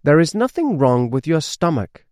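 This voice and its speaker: Calm, thoughtful dog doctor, as a man puts him on. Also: a little high, moderate pace, no room sound, studio quality, pitched above the performer's own voice. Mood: examining. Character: kind male dog doctor.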